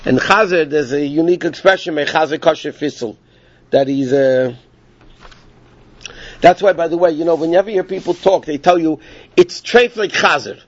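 A man's voice: a little high, moderate pace, long pauses. A man teaching a class through casual, rambling stories, often breaking off mid-sentence. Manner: casual, rambling, self-interrupting. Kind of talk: informal storytelling lesson. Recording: dull lo-fi dry recording.

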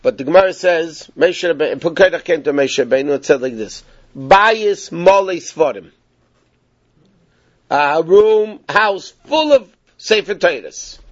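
A man teaching a Torah class, telling the story in a lively, animated way, with frequent restarts. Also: fairly high pitch, moderate pace, no echo, lo-fi sound.

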